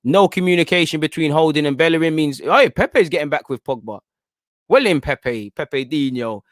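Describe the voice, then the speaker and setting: The host of a football watchalong, a young man, speaks expressively at a moderate pace in a slightly high voice, giving chatty fan commentary and pleading with players and the referee as the game goes on. It's a dry, clean studio recording.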